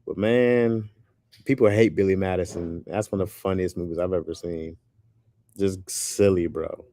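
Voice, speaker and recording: Casual male streamer, deep voice, dry close sound, animated and loose. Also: normal speed, no echo. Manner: loose and animated, says "bro" often. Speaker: streamer chatting with viewers. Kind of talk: casual chat.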